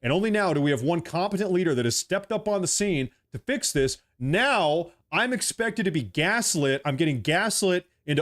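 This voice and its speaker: Heated ranting man, early thirties, slightly high voice, repeats himself, swears. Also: expressive, normal speed, hardly any pauses, fairly bright tone. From United States. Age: 30s. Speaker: political commentator. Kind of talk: angry political rant.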